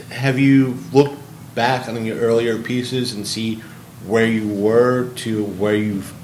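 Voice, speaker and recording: A man's voice: fairly low pitch, slight background noise, low-quality recording. A man hosting a podcast, bantering casually and then asking his guest about his work. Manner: relaxed joking banter before questions. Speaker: podcast host. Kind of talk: casual interview chat.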